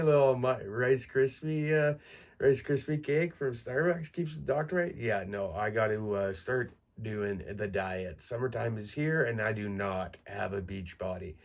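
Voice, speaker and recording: A man's voice: medium pitch, gravelly. A man in his thirties from Canada, a podcast host telling crude, self-mocking stories in a casual monologue and laughing through them. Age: 30s.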